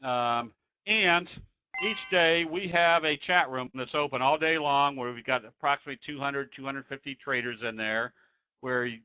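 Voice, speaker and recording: A man with a bright, forceful voice gives a webinar chart walkthrough. He talks in a folksy, conversational way and often pauses on fillers. The sound is dry and close. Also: mid-range voice, clean tone, dry recording, poor audio. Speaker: trading educator.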